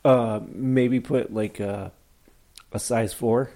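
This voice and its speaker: A man with a dark, mellow voice in relaxed podcast banter. He chimes in briefly, agrees often and drops dry, crude one-liners. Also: medium pitch, slow. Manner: short agreeing interjections, dry. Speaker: podcast co-host. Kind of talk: casual crude chat.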